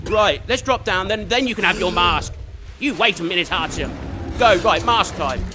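A man giving chatty, excitable let's play commentary, swearing mildly and talking to the game character. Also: sits high, normal speed, over music. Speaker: gamer.

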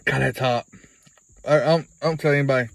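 A man's voice: medium pitch, steady tone, fast talker, creaky, no room sound, poor audio. A man, rambling through a casual video blog in a folksy way and repeating himself. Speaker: vlogger.

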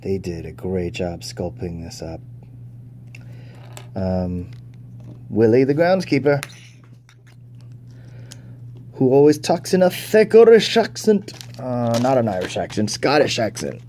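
A man's voice: medium pitch, very animated, measured pace, dark tone, a little hiss or hum. A man giving casual, chatty toy unboxing commentary, thinking aloud and easily impressed. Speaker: toy reviewer.

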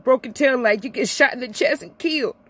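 A middle-aged Illinois woman delivers an impassioned personal rant on her vlog, emotional and close to tears, repeating herself as her voice swings between high and low. She speaks fairly quickly with a fairly bright tone.

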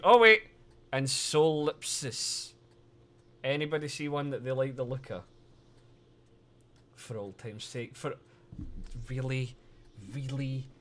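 A man chatting casually on a live stream, excitable and swearing freely, laughing often as he talks to his chat. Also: medium pitch.

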